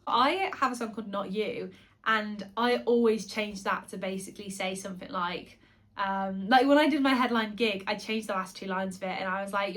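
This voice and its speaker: A woman singer and vlogger chatting casually to camera, gossipy and quick with asides and self-corrections. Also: mid-range voice, expressive, a bit bright.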